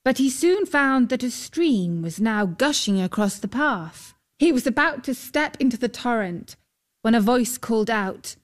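A woman narrating a storybook in a calm, measured way. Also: a little high. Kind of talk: storybook reading.

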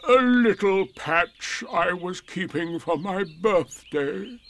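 Guy doing a sad slow old donkey, mopey, draggy, up-and-down voice. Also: high voice, animated, gravelly, a bit bright, slight background noise, voice pushed up, exaggerated voice. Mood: gloomy. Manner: slow, mournful, drawn-out. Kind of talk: storybook reading.

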